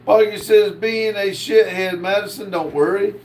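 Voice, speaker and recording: A man hosting a casual livestream, reading viewer comments aloud in a slow drawl. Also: sits high, steady tone, a little mellow, a little hiss or hum. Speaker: livestream host reading chat.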